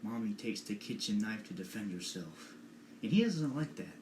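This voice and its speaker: A young man doing an impression of a menacing male movie villain telling a dark story, in an echoey room. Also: fairly low pitch, big pitch swings, moderate pace, slight background noise.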